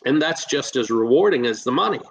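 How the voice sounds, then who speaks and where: A man who invests in real estate, talking as a podcast guest and coaching listeners in a lively way, with plenty of fillers and restarts. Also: medium pitch, brisk, breathy edge, poor audio. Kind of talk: casual podcast storytelling.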